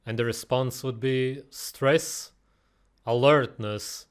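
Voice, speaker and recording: Sarcastic guy ranting over a clip, regular pitch, mocking tone. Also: fairly even intonation, slow pace, smooth. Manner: scornful, sarcastic. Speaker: reaction commentator. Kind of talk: mocking reaction commentary.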